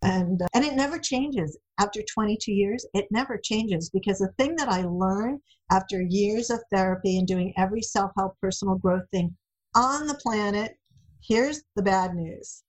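A middle-aged woman, a guest in an interview, telling lively stories and acting out quoted lines. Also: mid-range voice, moderate pace, poor audio. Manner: animated storyteller, acts out quotes. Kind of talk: casual interview chat.

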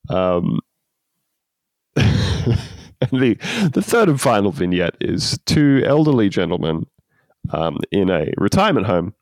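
Very deep wry man, dry mic. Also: big pitch swings, slow pace, pauses often, a little mellow, dry recording. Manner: wry storytelling, laughs often. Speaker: podcast host. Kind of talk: casual comedic podcast chat.

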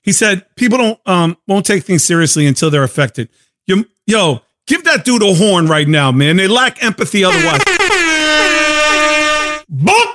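A hoarse man hosting a casual livestream chat, telling stories in an animated, slangy way. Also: high voice, normal speed. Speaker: show host.

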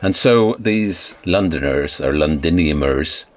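A dry, polite radio reporter, played by a man, speaks in a low voice. He sounds puzzled by everything he meets in this comedy sketch. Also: lively intonation, takes it slowly, exaggerated voice. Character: stiff, bemused male radio reporter.

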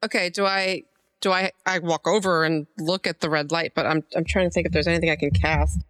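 A player in a tabletop game who thinks out loud while describing what their character does. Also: medium pitch, little pitch movement, a little fast. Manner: chatty, thinking aloud.

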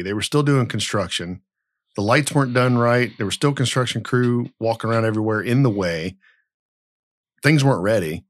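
A man's voice: lowish voice, no room sound, studio quality. A middle-aged man hosting a podcast, telling a long story in a rambling, blunt and profane way. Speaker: podcast host. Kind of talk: casual podcast chat.

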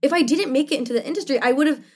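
A woman's voice: high-pitched, very fast. A young woman, an actress, speaking passionately in an interview, emphatic and full of "like" and "you know". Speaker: actress guest. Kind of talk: interview conversation.

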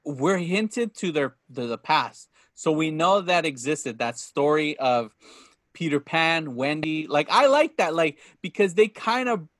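A man hosting a podcast, chatting casually about a movie in an animated, rambling way with many restarts. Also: a little high, a little slow, dry recording, clean studio sound. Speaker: podcast host.

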